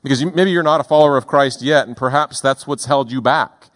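Deliberate man preaching a sermon. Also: medium pitch, a bit bright. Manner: deliberate, emphatic, slows for key words. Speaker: pastor.

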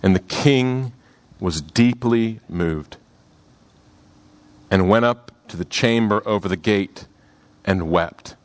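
This lowish-voiced preacher delivers a sermon on scripture, earnest and expressive throughout. His delivery climbs to stress key points and sinks to quiet, unhurried lines.

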